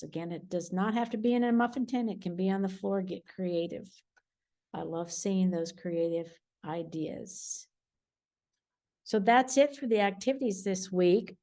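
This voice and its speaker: A woman's voice: mid-range voice, mellow. A woman preschool teacher explaining home activities to parents in a patient way that repeats the key points. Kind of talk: recorded weekly lesson for parents.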